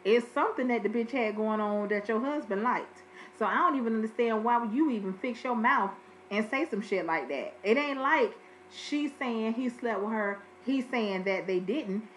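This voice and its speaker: A woman's voice: medium pitch, lively intonation, moderate pace, slight background noise, poor audio. A woman giving a casual, blunt and profane review of a reality TV episode from her home recording space. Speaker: reality TV recap vlogger.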